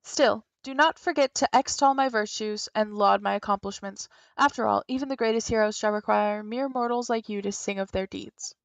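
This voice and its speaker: A woman's voice: mid-range voice, moderate pace, vocal fry, hardly any pauses, no echo, natural voice. A woman voicing a proud, grandiose female spirit guardian in a video game, speaking in a pompous, theatrical formal manner.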